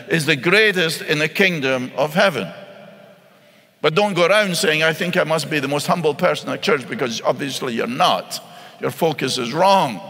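A man's voice: fairly high pitch, bright, forceful tone. A man preaching a sermon, earnest and pleading, often repeating words as he presses his point. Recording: long hall reverb.

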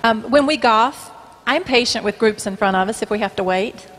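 A woman doing a comic back-and-forth with her husband, calm and measured. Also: fairly high pitch. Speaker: wife in a couple's comedy routine.

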